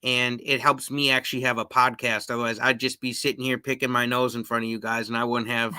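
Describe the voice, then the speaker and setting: Man, podcast host, live-stream chat, laughs easily, bright voice, dry mic. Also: medium pitch, level tone, quick pace, smooth, no echo. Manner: laughs easily, reads viewer comments aloud. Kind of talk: casual live-stream interview.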